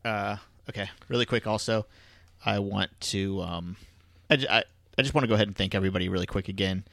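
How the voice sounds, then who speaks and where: A man co-hosting a podcast in casual chat, easygoing and halting, with many fillers. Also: fairly low pitch, creaky, fairly bright tone, no room sound. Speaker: podcast co-host.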